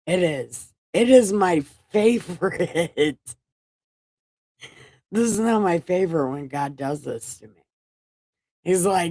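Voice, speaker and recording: Lady doing a chill bedtime bible read on a livestream, cracks jokes and swears, slow and a bit husky, dry close mic. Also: on the low side, lively intonation, dark tone, dry recording. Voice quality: irreverent, joking, swears and laughs between verses.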